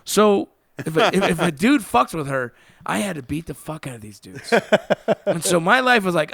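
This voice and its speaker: A man co-hosting a podcast, telling profane stories in an animated, casual way. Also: fairly high pitch, fairly quick, vocal fry, no room sound. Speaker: podcast co-host. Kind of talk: casual bar-style storytelling.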